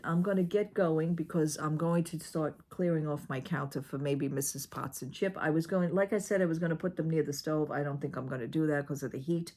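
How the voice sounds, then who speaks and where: A woman telling a story in a casual home vlog, indignant and retelling it with lots of "I says". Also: sits low. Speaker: vlogger. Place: at home, living room.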